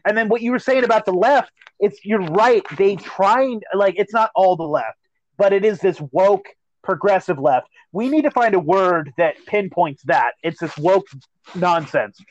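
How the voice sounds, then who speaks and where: A man co-hosting a casual podcast chat, telling stories in a profane, animated way. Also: high-pitched, unhurried, dry recording, lo-fi sound. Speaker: podcast co-host.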